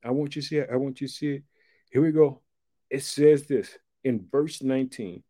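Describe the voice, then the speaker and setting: A man preaching a sermon, exclaiming often and reading scripture aloud in a raised, drawn-out voice. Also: medium pitch, mellow. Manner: exclaiming, repeats "boy" and "check it out".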